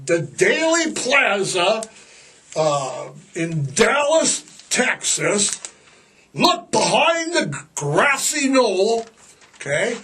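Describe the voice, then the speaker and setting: A man in his sixties hosting a podcast, talking in a rambling, jokey way with heavy sarcasm and drawn-out emphasis. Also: high-pitched, a bit bright, recorded from a distance. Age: 60s. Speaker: podcast host. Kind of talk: rambling casual monologue.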